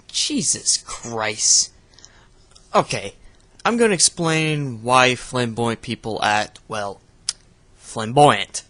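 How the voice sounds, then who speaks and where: A young man hosting a reaction video, giving sarcastic, profane commentary with loud outbursts. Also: mid-range voice, expressive, very slow, long pauses.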